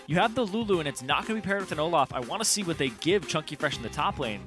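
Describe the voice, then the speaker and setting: A man giving analytical esports color commentary, animated and leaping in pitch when emphatic. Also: quick pace. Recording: commentary over game music.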